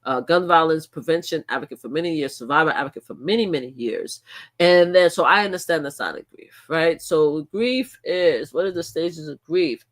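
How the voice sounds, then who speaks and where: Middle-aged New woman, livestream host, lively pitch swinging low to high, emphatic casual venting. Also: normal speed. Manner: animated, emphatic, swings from low muttering to loud outbursts.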